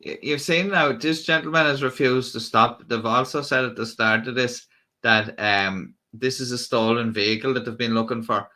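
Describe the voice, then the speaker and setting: Bright-voiced man rambling over clips. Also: medium pitch, steady tone, normal speed. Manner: rambling, restarts often, wry asides. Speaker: streamer reacting to police clips. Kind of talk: casual live-stream commentary.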